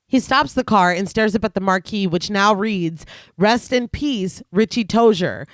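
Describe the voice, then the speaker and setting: A woman's voice: medium pitch, a little slow, dry recording. Woman, podcast co-host, reads plot summaries, cracks jokes, dry sound. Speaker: podcast co-host, recapping scenes. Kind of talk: casual horror podcast chat with scripted recap.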